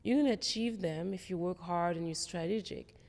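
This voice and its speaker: Woman talking about her career, kinda gravelly and dark, echoey room, earnest. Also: fairly low pitch, brisk. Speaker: guest, tech executive. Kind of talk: interview conversation.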